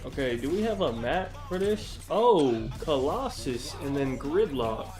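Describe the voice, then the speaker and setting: Male streamer, raised pitch, loose and profane, reacting live over faint music. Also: measured pace. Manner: excitable, profane, laughs often. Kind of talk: casual live-stream commentary.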